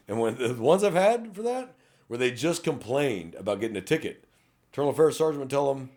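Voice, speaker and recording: A middle-aged police officer co-hosts a casual podcast, telling stories in a blunt, profane, animated way. His voice is medium-pitched and fairly quick.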